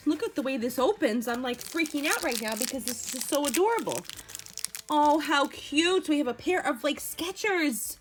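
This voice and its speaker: A woman's voice: sits high, a little hiss or hum. Gushing young woman unboxing toys. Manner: gushing, excitable, gasps and squeals of delight. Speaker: toy unboxing host. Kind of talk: casual unboxing chat.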